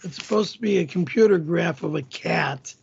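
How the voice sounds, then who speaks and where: A middle-aged man hosting a livestream, shouting and cursing in an explosive, profane rant. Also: on the high side, moderate pace, creaky, highs cut off, background noise. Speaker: show host.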